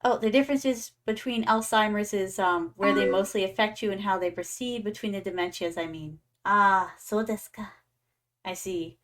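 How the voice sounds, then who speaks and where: A woman's voice: medium pitch, moderate pace, fairly bright tone. A young adult woman streaming a game, chatting playfully and calling her viewers "my darlings". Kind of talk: casual gaming stream chat.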